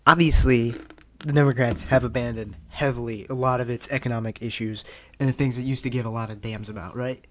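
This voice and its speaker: Male vlogger, tired and sarcastic, rambling political take, mid-pitched voice. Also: a little fast. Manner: rambling, sarcastic, self-interrupting. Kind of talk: casual political commentary.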